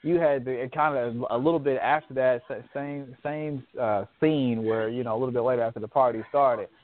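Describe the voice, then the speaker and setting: A man's voice: mid-range voice, steady tone, brisk. A man in casual chat about a favorite movie, laughing often and quoting lines in raised voices. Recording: phone-like narrow sound.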